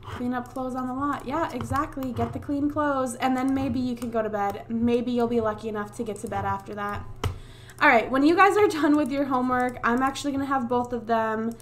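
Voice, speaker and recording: A woman's voice: a little high, a little fast, soft background music. Exasperated woman scolding her game sims. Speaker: Let's Play gamer. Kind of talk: casual gameplay commentary. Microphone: USB desk mic.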